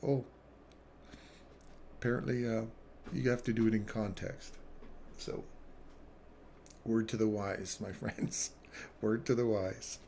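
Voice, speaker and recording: A man with a somewhat low voice runs a casual live trading stream. He drifts into rambling, chuckle-filled stories, then thinks aloud as he works through the chart. Faint background noise sits under his voice. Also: steady tone, moderate pace, pauses often, darkish tone. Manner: rambling, chatty anecdotes with frequent chuckles.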